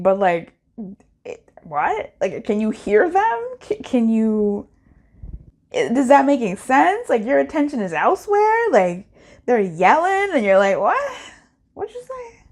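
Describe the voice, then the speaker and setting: A woman doing a casual pick-a-card tarot reading, playful and slangy, with frequent laughter. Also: mid-range voice.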